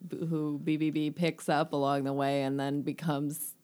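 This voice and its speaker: A woman's voice: low-pitched, little pitch movement, moderate pace, mellow. A woman co-hosting a podcast, chatting playfully about a book and jumping in to finish her partner's sentences. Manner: playful, jumps in to finish sentences, laughs a lot. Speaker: podcast co-host. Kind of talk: casual book discussion chat.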